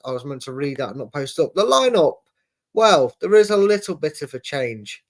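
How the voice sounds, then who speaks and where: Brief: male fan-channel host, slightly higher voice, loose chatty delivery full of fillers, reads chat aloud. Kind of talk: casual live watchalong chat.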